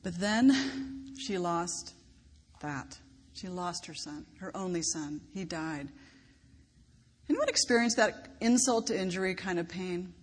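A woman pastor preaching a sermon, expressive and emphatic, lifting her voice on key words. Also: fairly low pitch, takes it slowly. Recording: long reverb of a large hall, faint background noise.

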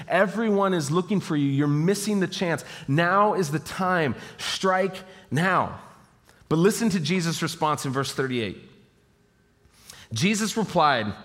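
A man's voice: sits high, a bit bright, big-room sound. A man preaching a sermon in a conversational, reflective way, often checking in with his listeners. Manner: conversational, reflective, frequent "right?" asides. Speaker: pastor.

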